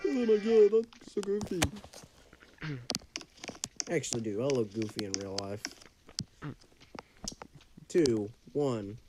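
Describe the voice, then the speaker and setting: Young male streamer, lively, excitable, yelps at scares; game music under. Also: lowish voice, slow pace, pauses often, low-quality recording. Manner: excitable, with sudden loud yelps. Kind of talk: casual gameplay commentary. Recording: game music playing behind.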